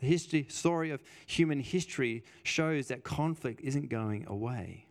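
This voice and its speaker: A man's voice: mid-range voice, moderate pace. A man preaching a sermon in a conversational way, stressing points by repeating phrases and telling personal stories. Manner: emphatic, repeats phrases for weight.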